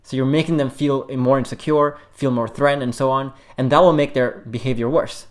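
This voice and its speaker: A man working as a relationship coach, giving calm, steady advice straight to the camera and repeating key points gently. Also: mid-range voice, fairly quick. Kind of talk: direct-to-camera advice talk.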